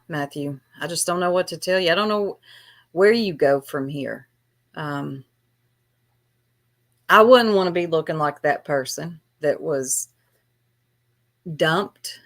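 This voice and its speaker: A woman's voice: fairly low pitch, a bit bright. A woman vlogger ranting on a livestream in a taunting, sarcastic way. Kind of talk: livestream rant.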